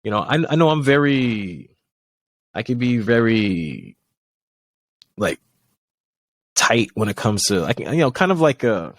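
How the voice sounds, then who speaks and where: A man's voice: lowish voice, big pitch swings, a little slow, pauses often, no echo. A man in his thirties tells a long story on a podcast, circling back on himself and packing every sentence with fillers. He is recorded close and dry, with no room sound around him. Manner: rambling, filler-heavy storytelling. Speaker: podcast co-host. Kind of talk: casual chat.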